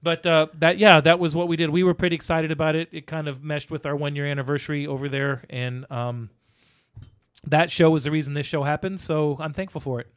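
A middle-aged man chatting on a podcast in a loose, rambling way, circling back and restarting his sentences. His voice sits a little high for a man, and the recording is dry and close with no room sound. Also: steady tone, a little fast, clean tone, no echo. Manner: rambling, with many restarts and fillers. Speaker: podcast co-host. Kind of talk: casual podcast chat.

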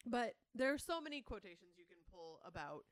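Her pitch sits fairly high and swings widely, her pace a little quick, with no room sound at all. As a podcast co-host in relaxed chat, she explains her thinking with care and analysis, reading quotes out loud.

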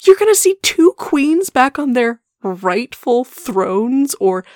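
A woman's voice: high voice, sing-song, takes it slowly, a little mellow, dry recording. Mocking, laughing woman with a dry sound. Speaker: podcast co-host. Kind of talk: casual book-discussion chat.

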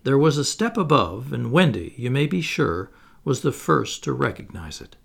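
A man narrating a classic children's novel as an audiobook, in an expressive storytelling manner. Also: mid-range voice, moderate pace, vocal fry, breathy edge.

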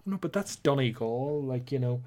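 A young man with a Northern Irish accent, co-hosting a podcast in a chatty, animated way. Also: medium pitch, normal speed. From Northern Ireland. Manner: chatty, animated storytelling with playful put-on voices. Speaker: podcast co-host. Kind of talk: casual chat.

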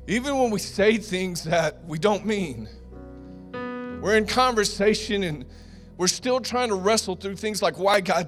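A middle-aged man preaching a sermon, telling personal stories in a lively, conversational way and calling the congregation "guys". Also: on the high side. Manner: storytelling, animated and conversational, addressing the congregation as "guys". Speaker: pastor.

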